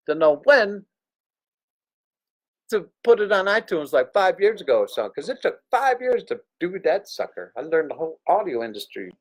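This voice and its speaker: A man hosting a livestream, telling a crude, joking story in a loose, digressive way. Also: fairly high pitch. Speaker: livestream host. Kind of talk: rambling anecdotal storytelling.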